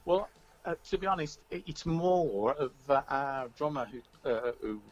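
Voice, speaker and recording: A man being interviewed over the phone, speaking in a relaxed, halting way with plenty of ums and uhs. The audio sounds dull and muffled, like a phone call. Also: medium pitch. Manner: relaxed, hesitant, many fillers. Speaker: musician guest. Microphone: phone line.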